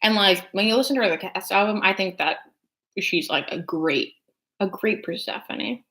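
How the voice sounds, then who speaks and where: A woman's voice: medium pitch, moderate pace, a bit bright. A young adult woman chatting casually as a vlogger, rambling with lots of filler words while she eats. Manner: eating while talking. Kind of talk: casual chat.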